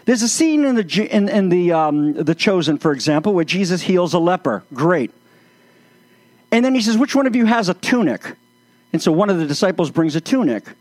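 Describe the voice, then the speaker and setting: Preacher guy, kinda high voice, earnest but sarcastic and fed up, dry close sound. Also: sing-song, a little fast, darkish tone, no echo. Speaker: pastor. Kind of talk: sermon-style commentary.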